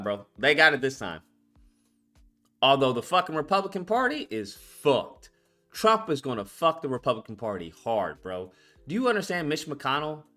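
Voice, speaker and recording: A man hosting a live stream, reacting with animated, profane talk and sudden shouted outbursts. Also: a little high. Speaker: streamer host.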